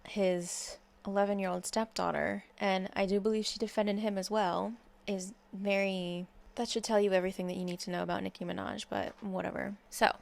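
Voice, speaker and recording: A woman's voice: medium pitch, flat delivery, normal speed, gravelly, few pauses. A young woman ranting in a blunt, sarcastic and profane commentary video. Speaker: commentary YouTuber. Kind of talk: casual commentary rant.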